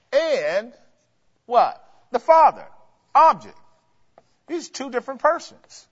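A man's voice: extremely high pitch, fairly bright tone. A man preaching a teaching sermon, asking the congregation questions and walking them step by step through grammar. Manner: asks the congregation questions and has them answer; explains grammar step by step, with emphatic rises. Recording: dull, lo-fi recording with long hall reverb.

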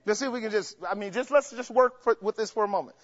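High-voiced preacher with a lively, playful delivery. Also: male voice, fast, long reverb tail. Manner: lively, playful, acts out the characters in vernacular. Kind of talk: sermon. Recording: dull lo-fi sound.

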